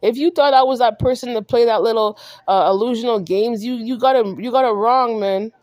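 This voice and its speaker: A woman's voice: a little high, fairly quick, darkish tone, dry recording, clean studio sound. A woman vlogger delivering a heated monologue, scolding someone directly and repeating herself for emphasis.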